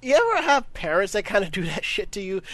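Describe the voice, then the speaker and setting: A podcast co-host chatting casually in a relaxed, joking way. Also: medium pitch, fast. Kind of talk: casual chat.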